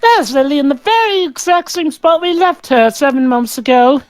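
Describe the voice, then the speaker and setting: A woman's voice: high-pitched, animated, moderate pace, dry recording, faint music behind. A woman co-commenting on a game in playful, casual banter.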